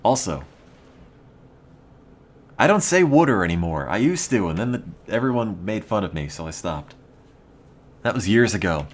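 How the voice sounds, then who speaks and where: A man's voice: sits low, big pitch swings, normal speed, long pauses. A young American man with an East Coast accent, rambling in a dry, mock-serious way while streaming a game. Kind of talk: casual gaming stream chat.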